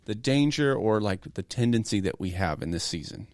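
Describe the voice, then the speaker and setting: A man co-hosting a youth ministry podcast, telling stories in a relaxed casual chat. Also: fairly low pitch, moderate pace, dry recording, studio quality. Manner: relaxed storytelling, easy laughs. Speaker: podcast co-host, youth pastor.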